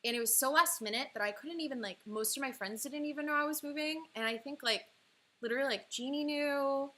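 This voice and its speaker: Woman, twenties, from California, casual livestream storytelling, emotional, higher pitch, bright tone. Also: fairly quick, slight background noise. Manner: chatty, heavy use of "like", emotional, breaks into laughs. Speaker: livestream artist and host.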